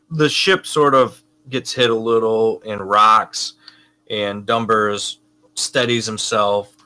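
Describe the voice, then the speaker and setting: A man's voice: fairly low pitch, sharp tone, no room sound. A man playing a tabletop pirate game, describing what his character does. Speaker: player. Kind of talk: tabletop role-play, partly in character.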